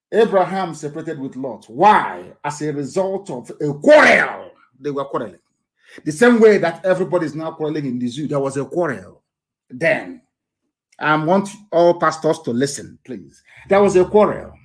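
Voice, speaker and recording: A man with a Nigerian accent giving a live political broadcast, lecturing from the Bible with scorn and sudden swings between loud and soft. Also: a little high. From eastern Nigeria. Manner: reads Bible verses aloud slowly, pausing and restarting. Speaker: activist broadcaster.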